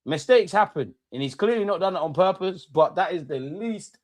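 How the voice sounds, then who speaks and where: A man's voice: high-pitched, animated, moderate pace, no echo, clean studio sound. A young man, a streamer ranting and mocking rival fans in slang-heavy banter during a live football watch-along. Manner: brash, mocking rants with London slang.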